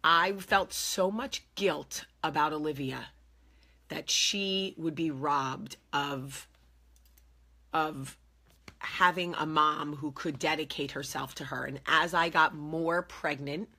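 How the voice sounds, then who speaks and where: A woman hosting her own show, telling a personal story in a candid, animated, emphatic way, acting out what people said. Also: low voice, takes it slowly. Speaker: show host.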